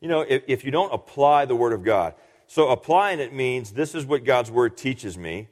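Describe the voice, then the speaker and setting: A man's voice: mid-range voice, lively intonation, normal speed. A man preaching a sermon in an earnest teaching manner, often restarting and repeating words. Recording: long hall reverb.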